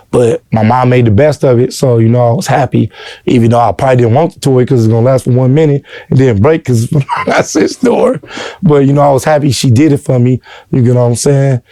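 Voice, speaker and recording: An earnest man tells his story in a relaxed interview, constantly checking in with "you know what I'm saying." His voice is dark and mellow. It is recorded dry and close, with no room sound. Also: medium pitch, dry recording. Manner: earnest, heartfelt. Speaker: interview guest. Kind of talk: casual personal storytelling.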